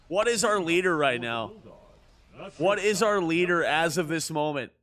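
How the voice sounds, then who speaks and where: A man's voice: on the high side, animated, moderate pace, fairly bright tone. A man streaming a baseball video game, joking and ribbing his chat in casual commentary. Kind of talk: casual livestream gaming commentary.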